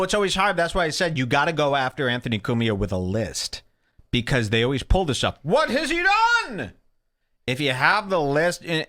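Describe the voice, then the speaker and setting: A man with a lively, swooping delivery talks through a recorded clip, sarcastic and animated. He keeps slipping into mocking impressions of the people in it, and his pitch jumps around a lot. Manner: sarcastic, animated, mimics others. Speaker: podcast host.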